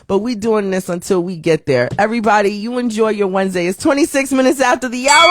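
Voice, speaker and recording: A woman's voice: fairly high pitch, a little fast, slight background noise. A woman hosting a livestream show, talking straight to her viewers in a casual sign-off and slipping into sing-song phrasing now and then. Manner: animated, talks straight to viewers.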